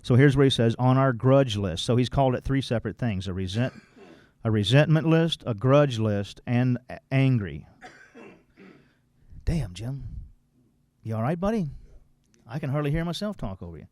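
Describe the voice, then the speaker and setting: A man speaking at a recovery workshop, blunt and folksy, with a bit of mild cursing. He reads passages aloud and then breaks them down in plain everyday terms. The sound is dry and close, with the pitch of an average man. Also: lively intonation, moderate pace, long pauses, darkish tone, dry recording. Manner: blunt, folksy, mildly profane; quotes text then explains it plainly. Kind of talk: informal workshop talk.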